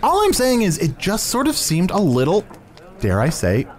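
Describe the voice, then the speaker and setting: A man's voice: sits high, huge pitch swings, normal speed, faint music behind. A man hosting an improvised comedy chat, joking and often restarting his sentences. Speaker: host.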